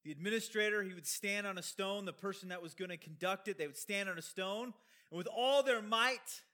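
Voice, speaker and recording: A man's voice: high voice, fairly quick, pushed and bright. A man preaching an expository sermon, explaining a Bible passage with emphatic rhetorical questions and conversational asides.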